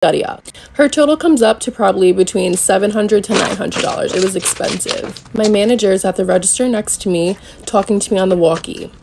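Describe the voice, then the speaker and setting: A woman's voice: medium pitch, fairly quick, gravelly, darkish tone, slight background noise. A woman who works as a cashier telling a casual story and acting out the quotes. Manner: acts out customer and manager quotes. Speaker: retail cashier.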